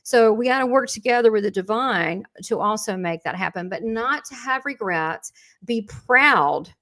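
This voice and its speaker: A woman's voice: fairly high pitch, animated, moderate pace, fairly bright tone. Chatty woman teaching a spiritual lesson. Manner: rambling and conversational, with frequent restarts and asides; encouraging, motivational.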